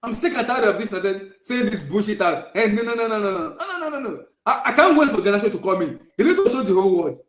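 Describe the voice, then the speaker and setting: A man's voice: sits high, lively intonation, fast, hardly any pauses, a bit bright, reverberant, rough recording. A man hosting a podcast, ranting heatedly and repeating himself. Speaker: podcast host. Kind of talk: heated football rant.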